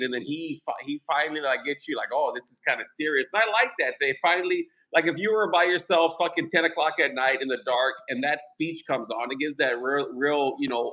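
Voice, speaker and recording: A man's voice: fairly high pitch, fairly bright tone. A man hosting a podcast, chatting casually about a movie in a rambling, profane way. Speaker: podcast host.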